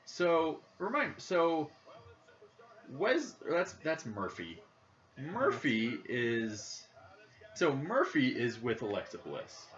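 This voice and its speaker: A man's voice: on the high side, wildly swooping pitch, slow, fairly bright tone. A young man with a Midwestern accent, rambling and joking in a casual chat while playing a video game. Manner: rambling, jokey, thinks aloud. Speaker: podcast co-host. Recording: dull lo-fi audio, faint background noise.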